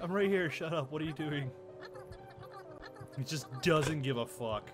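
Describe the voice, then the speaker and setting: A young man commenting on a game as he plays, excitable, swearing and laughing often. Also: a little high, measured pace, pauses often. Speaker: gaming video host. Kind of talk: let's play commentary. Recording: game music playing behind.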